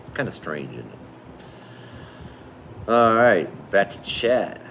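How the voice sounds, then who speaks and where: Low-voiced laid-back man hosting livestream. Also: sing-song, slow pace, a bit bright, slight background noise. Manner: laid-back, friendly, calls viewers man and brother. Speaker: livestream host. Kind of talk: casual livestream chat reading viewer comments.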